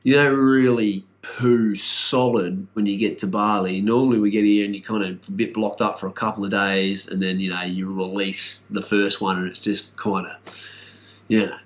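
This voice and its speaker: A man's voice: fairly low pitch, little pitch movement, moderate pace. A middle-aged man with an Australian accent giving a casual, rambling vlog update, blunt and full of swearing and fillers. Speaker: vlogger.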